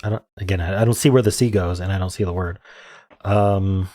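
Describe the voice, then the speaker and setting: A man thinking aloud as he solves daily word puzzles, hesitant and muttering, with frequent ums and quiet self-amused asides. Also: sits low, steady tone, fairly quick. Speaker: word game streamer.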